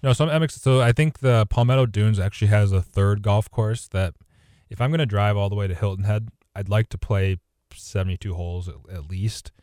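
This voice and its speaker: A deep-voiced man chats on a golf podcast in a loose, rambling way, often stopping to correct himself mid-sentence. His tone stays easygoing. The recording is dry and close-miked. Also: a little fast, darkish tone, no echo. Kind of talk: casual chat.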